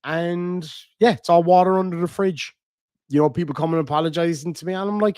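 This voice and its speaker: A man's voice: fairly high pitch, fairly even intonation, brisk, darkish tone, no echo, clean studio sound. A man with an Irish accent hosting a casual live stream, reading out viewer messages and ranting with lots of swearing. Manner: profane, ranting, reads viewer messages aloud.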